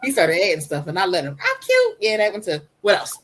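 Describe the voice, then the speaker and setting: Soft-voiced woman, podcast guest, candid and personal, slips into quoted voices. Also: lowish voice, quick pace, slightly rough, low-quality recording. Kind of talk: casual podcast conversation.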